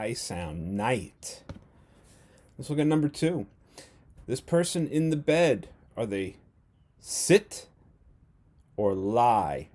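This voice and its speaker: A first grade teacher giving a remote phonics lesson from home, speaking slowly and clearly, sounding out letters and asking playful either-or questions. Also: male voice, medium pitch, a little mellow.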